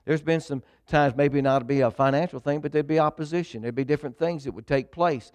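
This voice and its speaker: A man's voice: on the high side, fairly quick, a little mellow, no room sound. A middle-aged man, a pastor telling his own story in a folksy way to his congregation. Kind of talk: sermon testimony.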